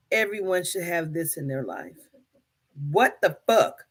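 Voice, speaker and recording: A woman vlogging, telling a comic story to camera in an animated, profane way, with bursts of laughter. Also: lowish voice, a little slow, slightly rough. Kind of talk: casual comedic storytelling to camera.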